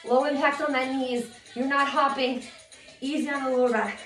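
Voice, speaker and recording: A woman fitness instructor coaching a low-impact cardio workout, energetic and a little out of breath as she counts reps and cheers people on. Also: normal speed. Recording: echoey room with music.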